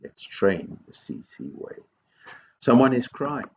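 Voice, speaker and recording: A man's voice: medium pitch, big pitch swings, slow pace, creaky, slight background noise. A man speaking as a headteacher in a school video assembly, earnest and encouraging, repeating his key phrases.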